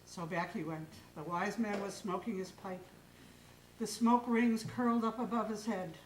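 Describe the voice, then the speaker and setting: A woman telling a folk tale aloud on stage in a lively, expressive way. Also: mid-range voice, normal speed, slight background noise. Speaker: storyteller. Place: live stage in a hall. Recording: echoey hall from far off.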